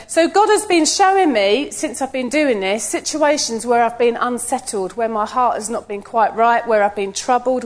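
A middle-aged woman giving a personal sermon talk, telling stories in a lively way and acting out what people said. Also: a little high. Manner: lively storytelling, acts out quotes with laughs. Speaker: church speaker.

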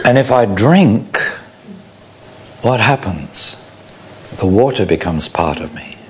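A man preaches in a low, unhurried voice and lingers over each phrase. He acts out little imagined quotes to make his point. A faint hum of background noise sits under his voice. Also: animated. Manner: slow, illustrative, acts out mock quotes. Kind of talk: sermon.

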